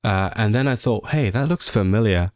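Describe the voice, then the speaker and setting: A man in his late twenties from Hong Kong chats casually with his livestream audience. His voice sits a little low. He sounds excitable and often restarts sentences, and the recording is dry with no room echo. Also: normal speed. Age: late 20s. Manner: chatty, excitable, many restarts. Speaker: livestream host. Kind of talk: casual chat with stream viewers.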